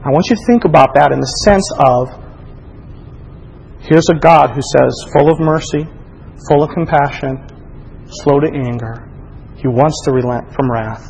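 A male preacher with a somewhat raised pitch delivers a sermon. He moves between forceful, emphatic reading and hushed, intimate appeals, and keeps pressing his listeners with direct questions. A faint rumble runs underneath his voice. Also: measured pace, creaky, long pauses, in a large hall, poor audio.

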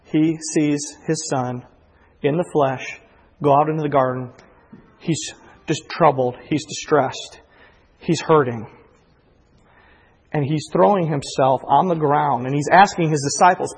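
A male pastor in his thirties delivers a sermon. His voice is slightly husky and sits fairly high. He moves between quiet, intimate reflection and swelling, passionate preaching, with a long reverb from a big church hall. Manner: builds from quiet reflection to impassioned, near-shouted preaching.

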